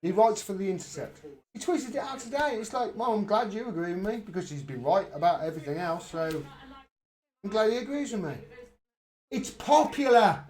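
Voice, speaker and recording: Man commentator, heated and sweary live rant, very expressive intonation. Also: high-pitched, normal speed. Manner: angry, profane, emphatic ranting. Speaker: political livestream commentator.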